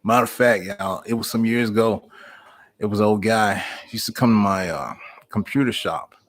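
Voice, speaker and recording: Chatting casually with his live stream audience, a middle-aged man spins folksy stories in a warm Southern American manner, saying "y'all." He has a lowish voice and speaks at a moderate pace.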